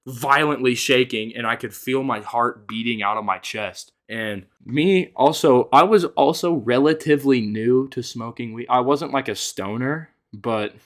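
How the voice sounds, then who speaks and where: A man's voice: mid-range voice, unhurried, few pauses. Profane rambling young man telling a story. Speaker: vlogger. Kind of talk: casual storytelling.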